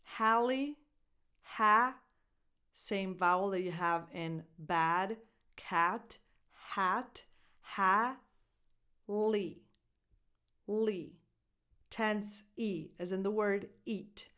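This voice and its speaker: Woman coach, deliberate pace, breaks words into syllables for learners. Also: mid-range voice, pushed and bright, clear, resonant tone. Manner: slow, careful, repeats words syllable by syllable. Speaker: English pronunciation coach. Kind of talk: pronunciation lesson to camera.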